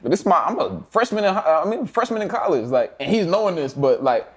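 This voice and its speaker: A man's voice: high voice, sing-song, brisk. A young man telling laid-back, profane stories as an interview guest, often laughing and acting out his coaches' voices. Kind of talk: casual storytelling.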